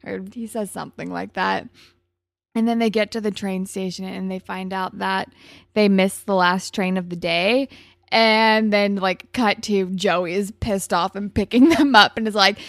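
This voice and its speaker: A woman with a mid-range voice, retelling an episode scene by scene in a rambling, casual way. She acts out the characters' lines in high, animated voices. The recording is dry and close-miked. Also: normal speed, no room sound.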